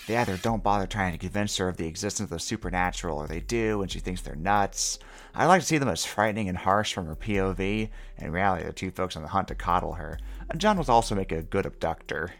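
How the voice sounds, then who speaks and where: A man hosting a comedy show, reading listener requests aloud in a dry voice that jumps into loud bursts. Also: fairly low pitch.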